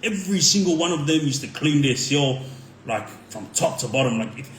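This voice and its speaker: A man's voice: a little high, lively intonation, brisk, reverberant, slight background noise. An Australian man, a former inmate, telling his prison stories casually and rambling with lots of slang and filler words. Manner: rambling, full of "like" and "um", street slang. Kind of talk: casual storytelling.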